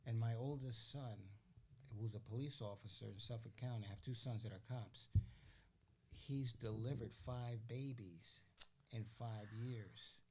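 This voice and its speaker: An older man, a guest on a podcast, telling stories in a casual, animated way. He acts out the voices of the people he quotes and keeps asking "you know what I'm saying?". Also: mid-range voice, a little slow, a little hiss or hum. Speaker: interview guest. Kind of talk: casual storytelling.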